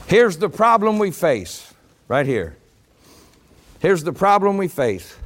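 A man preaching a sermon to a congregation, rising to shouted emphasis. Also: sits high, sing-song, slow. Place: church congregation.

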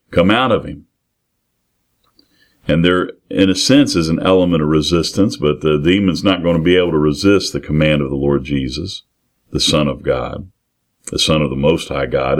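A man preaching an expository sermon. He talks earnestly and plainly, reading scripture aloud, then repeating and restarting phrases as he explains it. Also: low voice.

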